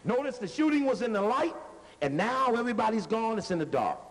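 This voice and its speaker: Animated high-voiced man lecturing in a hall. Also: fairly quick. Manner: animated, street-talk grammar, directs video playback. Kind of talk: lecture, talking over video playback. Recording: reverberant hall with faint noise.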